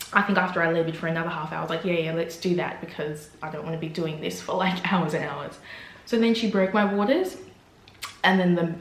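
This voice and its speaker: Animated young woman telling her birth story. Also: lowish voice. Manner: animated, acts out her own quotes with laughter. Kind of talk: candid personal storytelling. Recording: roomy echo.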